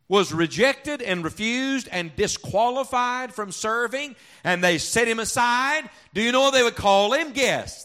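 In a church sanctuary, a pastor with a somewhat high voice preaches a sermon from the pulpit to his congregation. He peppers them with rhetorical questions and draws them into calling back, shifting between punchy, loud emphasis and soft, low reflection.

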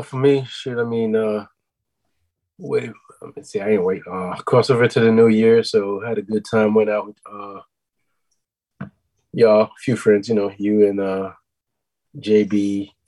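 A man's voice: lowish voice, warm tone, dry recording, rough recording. A man co-hosting a podcast, talking casually and hesitantly, stopping to search for words. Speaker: podcast co-host.

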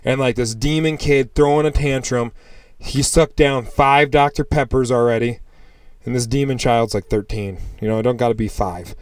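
A man co-hosting a casual podcast, telling lively stories in a loose way, swearing freely and acting out the people he meets. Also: mid-range voice, normal speed, clean tone. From United States. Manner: animated storyteller, swears freely, acts out customers. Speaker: podcast co-host. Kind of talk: casual chat.

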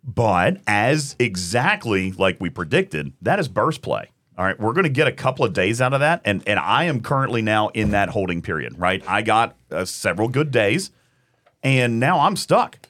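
A man co-hosting a podcast, talking in an emphatic, animated way and often repeating words as he argues a point. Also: fairly low pitch, normal speed. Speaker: podcast co-host. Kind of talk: casual debate chat.

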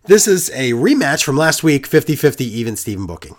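A man talking in a casual recap chat, sarcastic and fed up. His voice swings up and down with lively inflection at an ordinary middle pitch. He keeps up a running, exasperated rant. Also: a little fast. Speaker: wrestling podcast co-host.

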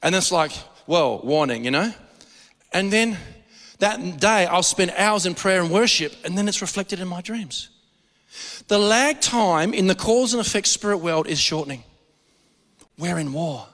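A man's voice: sits high, expressive, a bit bright, long reverb tail. A man, a pastor preaching a sermon and leading a prayer with fervent, building intensity. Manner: fervent, rising to a rapid chant in prayer. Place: church sanctuary.

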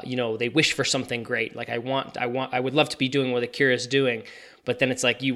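A man's voice: medium pitch, pushed and bright. A male interview host asking reflective, rambling questions with many fillers. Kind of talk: casual interview.

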